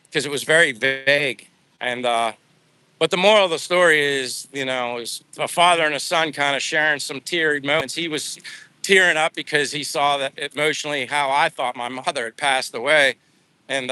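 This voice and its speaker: A man's voice: medium pitch, moderate pace, bright, forceful tone, clear, resonant tone, dry recording. A middle-aged man vlogger telling a personal story in a casual live stream, emotional and rambling with many restarts.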